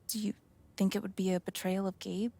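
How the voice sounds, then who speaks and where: An actress voicing a grieving widow in a video game who speaks in a subdued, hesitant way with a gravelly voice. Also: female voice, medium pitch, flat delivery, fairly quick, dark tone, close to an everyday voice. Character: grieving widowed woman, weary and torn.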